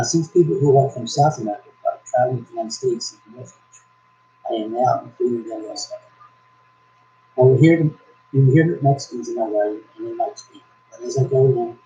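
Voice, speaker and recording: Man, halting self-correcting reader turned preacher; mellow tone, roomy echo. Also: mid-range voice. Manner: preachy, exhorting. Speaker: YouTube commentator. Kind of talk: reading aloud and religious commentary.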